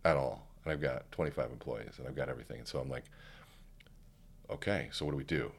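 Low and rumbling with a breathy edge, this man's voice moves at a quick pace. As a podcast guest and keynote speaker, he tells a story conversationally, animatedly performing what people said.

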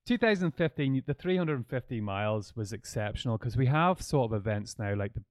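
A man hosting a running podcast, telling stories in a lively, laughing way. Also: mid-range voice, brisk, dry recording. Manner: animated storyteller, laughs often. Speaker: podcast host. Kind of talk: conversational interview.

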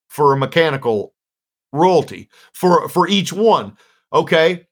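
A man's voice: fairly high pitch, slow. A man, a guest songwriter, telling stories in a casual podcast chat and laughing often. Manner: laughs often, lively storytelling.

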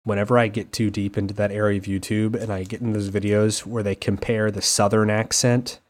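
Casual podcast co-host, male, low register, animated storyteller. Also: a little fast. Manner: animated storytelling, slips into playful accent impressions. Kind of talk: casual chat.

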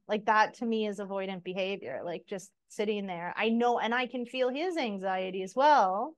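A woman's voice: mid-range voice, moderate pace. Candid, swearing woman podcast co-host. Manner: candid and animated, swears freely, laughs while telling stories. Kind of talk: casual chat.

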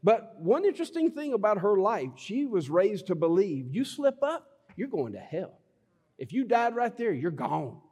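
A middle-aged man preaching a sermon in a lively, joking way, breaking into sudden shouts. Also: high voice, normal speed, slightly rough. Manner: animated, jokey preaching with laughs and sudden shouts. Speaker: pastor. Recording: long hall reverb.

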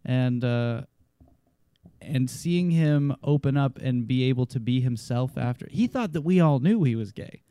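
A man with a medium-pitched, warm, clean voice chats casually on a podcast at a measured pace, his intonation lively. He tells stories about clients, swearing and acting out what people said to him. There's no echo.

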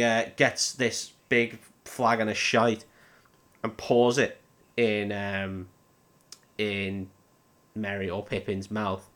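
A man's voice: lowish voice, level tone, takes it slowly, fairly bright tone. A man hosting a podcast, giving a casual, sweary, rambling film recap and laughing often. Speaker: podcast host.

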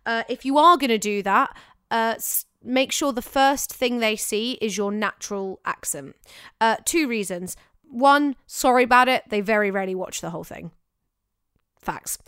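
Brief: young female actor, smooth clear voice, slightly high, chatty advice. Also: normal speed, no room sound, studio quality. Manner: chatty, animated, self-correcting. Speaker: actor giving career advice. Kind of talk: casual advice chat.

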